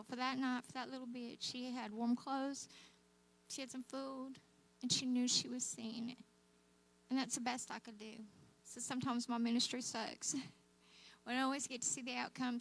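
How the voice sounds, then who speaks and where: A woman's voice: fairly high pitch, vocal fry, rough recording. A woman giving an earnest testimony to a church as a guest speaker, telling stories and calling the crowd y'all.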